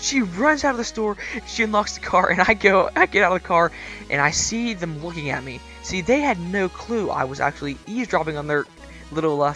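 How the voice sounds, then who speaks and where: Bright-voiced teen guy telling a wild story. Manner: animated, gets louder and higher as the story builds. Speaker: vlogger. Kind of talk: excited storytelling to camera.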